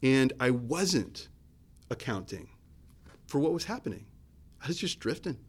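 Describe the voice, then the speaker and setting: A man's voice: unhurried, husky. A man preaching a sermon in a conversational, searching way, often restarting his sentences. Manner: conversational, searching, with restarts and lively swings in pitch and loudness. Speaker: pastor.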